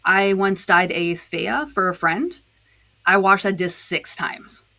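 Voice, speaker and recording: A woman's voice: mid-range voice, slow, pushed and bright. A woman guest on a podcast, explaining her dyeing process step by step in a casual chat, with frequent fillers. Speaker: podcast guest, disc dyer.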